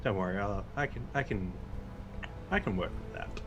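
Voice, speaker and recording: A man playing his character in a tabletop roleplaying game, smooth and easygoing. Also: fairly low pitch, moderate pace, muffled recording, background noise. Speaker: player.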